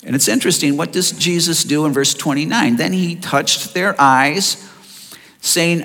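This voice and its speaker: A man preaching a sermon in an expressive way, asking his listeners rhetorical questions. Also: a little high, measured pace, in a large hall. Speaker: pastor.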